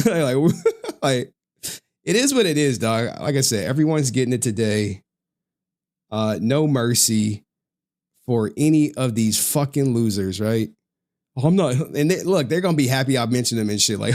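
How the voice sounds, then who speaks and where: A man's voice: medium pitch, expressive, a little slow, a little mellow. A man on a livestream ranting in a slangy, profane, trash-talking style, laughing often. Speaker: streamer.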